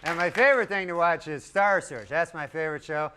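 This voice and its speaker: A man doing a stand-up routine in a deadpan, rambling way, chuckling at his own jokes. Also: fairly high pitch, brisk. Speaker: stand-up comedian. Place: comedy stage with a live audience. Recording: live stage recording with loud crowd and noise.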